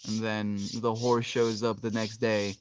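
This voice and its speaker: Soft-spoken, meandering man streaming outdoors. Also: fairly low pitch, flat delivery, a little slow, slight background noise. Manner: meandering, reflective, often trailing off softly. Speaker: livestreamer reading chat. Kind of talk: casual livestream chat. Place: outdoors in an open field.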